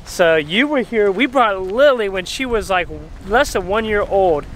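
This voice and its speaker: A woman's voice: mid-range voice, animated, measured pace, slight background noise, low-quality recording. A woman filming a casual family vlog outdoors at a farm, upbeat and playful as she points out the animals. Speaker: family vlogger. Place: outdoors at a farm petting zoo.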